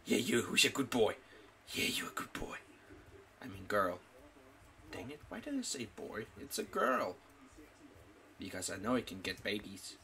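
A man's voice: fairly low pitch, huge pitch swings, normal speed, gravelly, pauses often, bright, forceful tone. A man casually commenting while playing a game, talking to his in-game pet and squealing when delighted. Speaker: gaming YouTuber. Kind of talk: casual let's-play commentary. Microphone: desktop mic.

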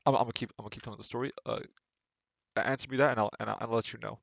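Gravelly-voiced man rambling on a stream. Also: medium pitch, steady tone, rapid-fire, fairly bright tone, no echo, highs cut off. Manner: rambling, stumbling with repeated words. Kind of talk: casual live gameplay chat.

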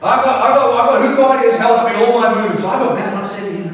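A man preaching a sermon as pastor, telling stories in an animated way with frequent restarts. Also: very high-pitched, very fast, hardly any pauses. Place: large church hall. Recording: echoey hall, distant mic, faint hiss.

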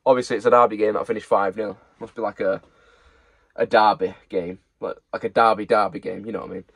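A man's voice: lowish voice, fairly even intonation, quick pace, vocal fry, fairly bright tone, no room sound. A young man, casually showing off secondhand football shirts he is reselling, in a chatty, rambling way. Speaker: online reseller. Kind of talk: casual haul chat.

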